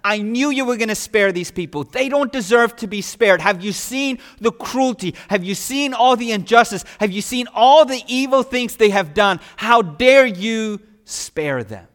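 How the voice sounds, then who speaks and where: A preacher voicing the prophet Jonah, complaining angrily to God with accusing questions. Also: male voice, extremely high pitch, expressive, a little slow, bright, forceful tone, big-room sound, pitched above the performer's own voice, heavily acted. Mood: indignant. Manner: heated, accusing rhetorical questions.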